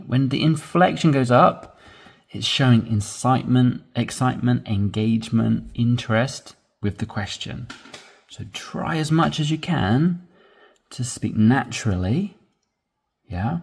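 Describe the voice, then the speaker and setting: Brief: male English teacher, husky tone, unhurried delivery, patient and encouraging. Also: mid-range voice, lively intonation. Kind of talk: spoken English lesson.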